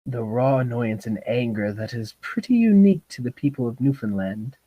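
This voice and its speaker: A man on a comedy podcast reading a reddit story aloud in a low, grave tone, his mic sounding distant at times. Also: animated, moderate pace, warm tone, no echo. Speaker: podcast co-host and story reader. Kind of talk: casual podcast chat and dramatic story reading.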